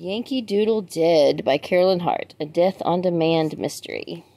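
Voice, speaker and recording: A woman with a fairly low, mellow voice talks at a moderate pace while unboxing books for her vlog. She reads the titles aloud, chats to her viewers in asides, and asks them for help with pronunciation.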